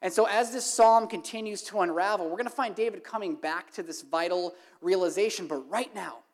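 A woman delivers a sermon in a voice of ordinary, middle pitch. She speaks emphatically and addresses her congregation directly, building to impassioned repeated questions. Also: a little fast. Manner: emphatic, rising to impassioned repetition. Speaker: preacher.

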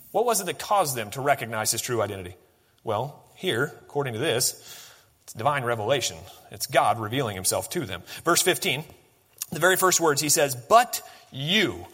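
A man's voice: on the high side, a bit bright, long reverb tail. A young man preaching a sermon, conversational and emphatic, with asides and rhetorical questions. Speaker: pastor.

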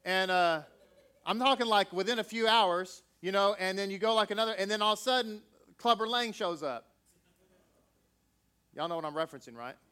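A male preacher with a fairly high, smooth and resonant voice reads a scripture passage and then preaches. He speaks conversationally to his congregation and throws in jokey asides. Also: a little fast, long pauses, bright, forceful tone. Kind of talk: scripture reading and sermon.

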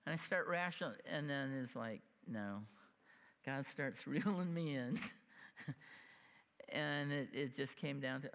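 A man in his fifties preaching a sermon, telling a personal story in an animated way, acting out the voices of the people in it and laughing at himself. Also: mid-range voice, measured pace. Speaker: pastor. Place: church sanctuary. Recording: long hall reverb.

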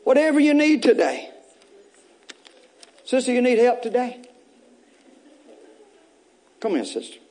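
A man's voice: extremely high pitch, sing-song, a little slow, long pauses, a little mellow. A pastor preaching an Easter sermon. He repeats phrases to urge the congregation on and breaks in with casual, joking asides. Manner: repetitive, exhorting preaching with bursts of raised intensity.

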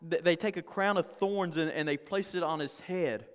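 A man's voice: on the high side, normal speed, long reverb tail. A male pastor preaching a conversational sermon, often repeating words and asking the congregation questions.

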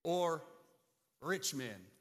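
This pastor's voice sits fairly high and is a bit bright, and he draws out his words expressively. He preaches emphatically, repeatedly asking the congregation "right?", while a long reverb fills the room like a church sanctuary.

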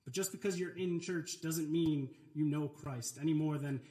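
A man's voice: fairly high pitch, moderate pace, mellow. A man, a pastor, preaching an earnest, emphatic sermon in a church sanctuary. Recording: echoey church room.

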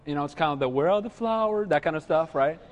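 A middle-aged pastor with a higher-pitched voice preaches quickly and with lively intonation, his words ringing through a large room. He tells stories with humor and often checks in with listeners by asking "right?"

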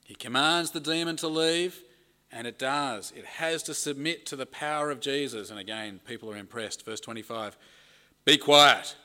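Bright-voiced man preaching. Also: medium pitch, normal speed. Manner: conversational preaching, reads scripture aloud with emphasis. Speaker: pastor. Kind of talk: sermon.

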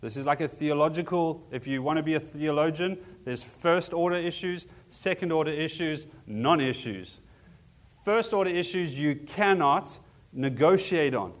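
A man's voice: a little high, normal speed. A man preaching a sermon in an earnest, conversational way, asking the congregation questions as he goes. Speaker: pastor.

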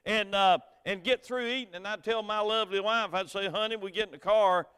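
Southern preacher with a high, ringing voice. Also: male voice, a little fast, clear, resonant tone. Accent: Southern American. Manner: folksy storytelling, swings from quiet to loud emphatic preaching. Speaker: pastor. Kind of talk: sermon. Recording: hall reverb.

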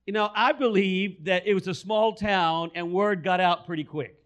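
Guy preaching with a high voice, acts out the characters, repeats lines to drive them home. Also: steady tone, normal speed, fairly bright tone. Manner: storytelling, acts out quoted voices; repeats phrases for emphasis. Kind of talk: sermon.

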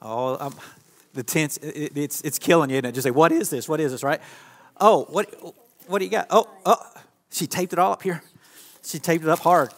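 A man's voice: on the high side, moderate pace, pauses often. A man preaching an interactive sermon from a church stage, talking casually and joking with volunteers. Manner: playful, joking with the audience. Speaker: pastor. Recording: long reverb of a church hall.

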